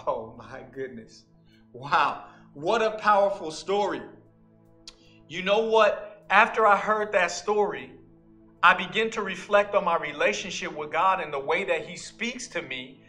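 A man's voice: high-pitched, expressive, measured pace, sharp tone, soft background music. A man, an associate pastor, preaching a sermon in an earnest storytelling manner.

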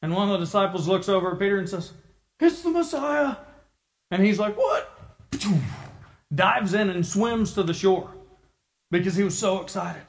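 A man preaching a sermon, telling a story with lively acted-out voices for the people in it. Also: sits high, fairly quick, creaky.

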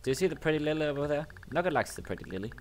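A man's voice: on the high side, lively intonation, very fast, voice pushed up. A man reading the lines of an odd boy character who speaks of himself in the third person, while playing a video game.

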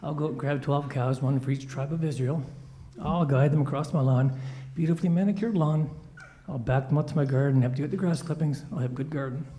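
A man telling a children's story in a church service, playful and animated, acting out quoted lines. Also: fairly high pitch, fairly quick, slight background noise.

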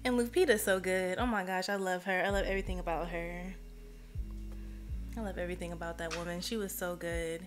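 A woman live streamer chatting casually with her viewers, emotional and expressive. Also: on the low side, a little fast, soft background music.

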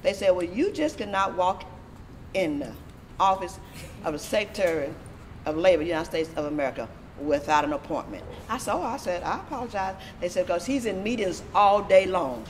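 A middle-aged woman from Texas, a disability advocate, telling a story in a lively, animated way with laughter. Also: fairly low pitch, fairly quick, a little hiss or hum. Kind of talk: storytelling interview.

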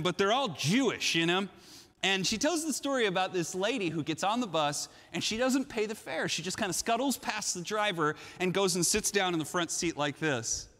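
Brief: male pastor, high voice, animated storyteller, big hall reverb. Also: normal speed. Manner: animated storytelling with frequent restarts. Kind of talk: sermon.

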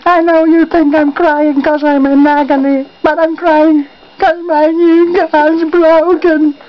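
A woman's voice: high-pitched, little pitch movement, slow. Yoshi, as a woman voices him: whiny dinosaur. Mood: sulky. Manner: indignant, sulky, wailing complaints. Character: angry, whiny male dinosaur homeowner. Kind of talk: homemade toy comedy skit. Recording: dull lo-fi home recording.

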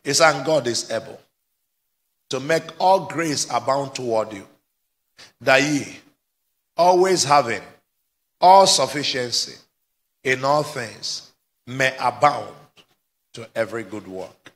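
Bright-voiced pastor preaching fervently. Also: male voice, mid-range voice, takes it slowly, pauses often. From Nigeria. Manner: exhorting, climbs to fervent shouting, prompts replies. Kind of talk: live sermon with call and response. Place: church service before a congregation.

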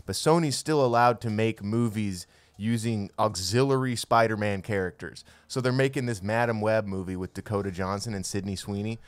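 Male co-host, low voice, smooth and clear, dry close sound, rambling casual chat. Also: moderate pace, few pauses, dry recording. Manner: rambling explainer, freestyles and jokes. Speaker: podcast co-host.

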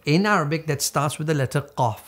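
Patient male host of a kids' lesson show, slightly high voice, drills sounds. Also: brisk, fairly bright tone. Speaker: teacher. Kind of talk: children's puppet show lesson.

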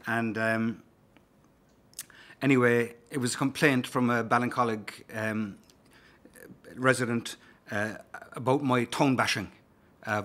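A singer-songwriter with a Cork Irish accent, chatting loosely and telling anecdotes between songs, with plenty of "um" and "uh". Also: male voice, mid-range voice, moderate pace, sharp tone. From Cork, Ireland. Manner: rambling, easygoing anecdotes with filler words.

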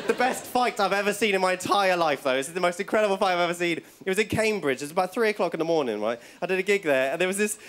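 A man's voice: high-pitched, animated, rapid-fire, few pauses. A male stand-up comedian, telling rambling stories on stage and tagging lines with "right?". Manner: rambling storytelling, keeps checking in with "right?". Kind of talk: stand-up routine. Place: stage before a studio audience. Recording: loud audience laughter and crowd noise.

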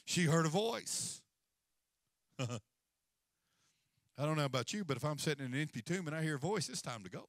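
A male senior pastor preaching a sermon, telling the story with swings from hushed asides to loud, urgent lines and calls for amens. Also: fairly high pitch, lively intonation, normal speed, long pauses, dry recording, clean studio sound.

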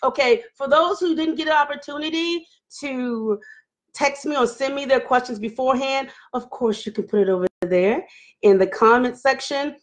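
A woman hosts a casual live-stream chat, calling out viewers by name and laughing between lines. Her voice sits a little high and stays animated throughout. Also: moderate pace. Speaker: livestream host.

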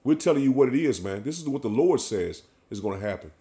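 A man's voice: mid-range voice, lively intonation, quick pace, few pauses, dark tone. Man, street preacher, emphatic sermon, repeats "man", mid-range voice. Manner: emphatic, ends phrases with "man".

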